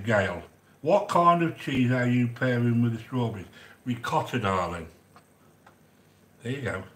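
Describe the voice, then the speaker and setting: Male cooking host, mid-pitched, effusive live-chat rambler, roomy reverberant sound. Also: fairly bright tone. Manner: effusive, gushing, repeats himself with fillers. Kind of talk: casual live-stream chat reading viewer comments. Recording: echoey room.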